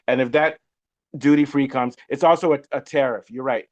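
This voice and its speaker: A man's voice: mid-range voice, fairly even intonation, moderate pace. A man hosting a political discussion, emphatic and opinionated, often turning to his guest with rhetorical questions. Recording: muffled lo-fi sound.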